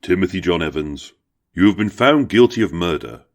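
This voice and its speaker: A man's voice: deep voice, expressive, moderate pace. A man voicing a stern older male judge with a grave, formal delivery, in a true-crime narration. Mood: solemn.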